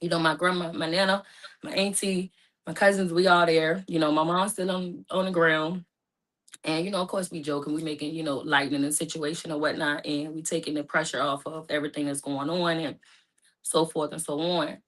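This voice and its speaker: A woman's voice: level tone, fairly quick, fairly bright tone. Woman telling a painful personal story. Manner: emotional, rising to high pitch when distressed; speaks casually with informal phrasing. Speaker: guest telling her story.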